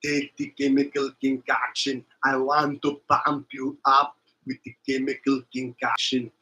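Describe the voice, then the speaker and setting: A man doing a comic impression of an older action-movie muscleman, making slow, emphatic, repetitive pronouncements. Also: mid-range voice, level tone, pushed and bright, poor audio. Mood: mock-serious.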